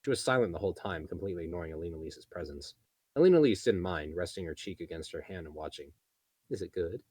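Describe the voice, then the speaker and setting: Man, narrator reading a light novel, low voice, husky, dry close sound. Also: fast, no echo. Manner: steady reading with small slips and self-corrections.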